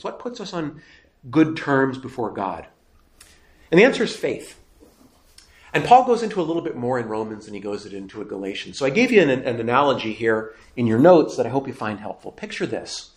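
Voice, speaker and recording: A man, a priest, teaching a scripture lesson in a conversational way and asking his class rhetorical questions. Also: medium pitch. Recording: roomy echo.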